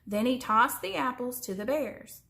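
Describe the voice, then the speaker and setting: A woman reading a children's story aloud in an expressive way, slowing down for suspense. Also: on the high side, creaky. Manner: expressive, slows down for suspense, sometimes drops to a whisper.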